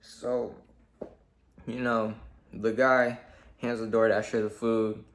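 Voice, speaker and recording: A man's voice: on the low side, flat delivery, slow. A young man telling a story in a casual, rambling rant, swearing a lot and leaning on fillers like "like" and "basically". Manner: rambling, profane, full of fillers. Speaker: vlogger.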